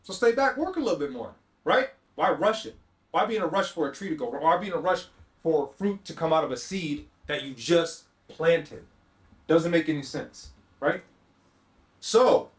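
A man hosting a podcast, telling a story in a slangy, animated way and acting out both sides of the conversation. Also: a little high. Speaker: podcast host. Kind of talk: storytelling monologue. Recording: roomy echo.

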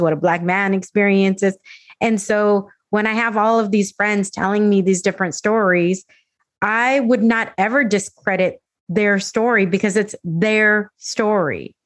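A woman's voice: mid-range voice, steady tone, moderate pace, no room sound. A woman hosting a casual interview, speaking earnestly and conversationally. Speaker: podcast host.

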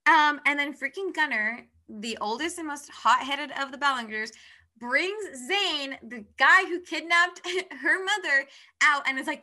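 A woman's voice: high-pitched, lively intonation, measured pace, bright, forceful tone. A young woman in casual chat, animatedly retelling a book's plot and acting out the characters' lines. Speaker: book podcast co-host.

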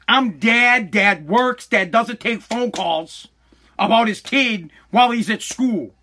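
A man's voice: sits high, slow pace, pushed and bright. A man telling a story about his child in a casual, exasperated, profane rant, acting out the voices of the people in it.

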